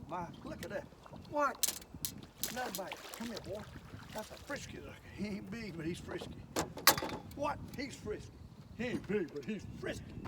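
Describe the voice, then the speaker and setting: An older man with a drawl talks folksily as he fishes on a lake, his voice sitting high for a man. He keeps up a running chat and exclaims over every bite. Outdoor noise carries clearly under his voice. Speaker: fishing video host. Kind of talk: casual fishing commentary.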